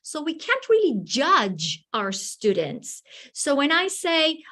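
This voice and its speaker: Animated woman teacher trainer. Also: high-pitched, takes it slowly. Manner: animated, acts out dialogues in quoted voices. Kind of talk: teacher training talk with acted anecdotes.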